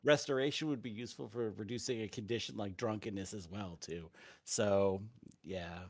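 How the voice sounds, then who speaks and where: A man's voice: lowish voice, fairly even intonation, normal speed, creaky, dry recording. Playful man thinking aloud. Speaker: player. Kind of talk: casual chat at a tabletop game.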